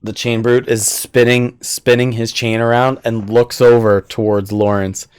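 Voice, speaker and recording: Male game master, slow and easygoing, narrates monsters and turns. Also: mid-range voice, little pitch movement, clean tone. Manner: slow, unhurried narration with chuckles.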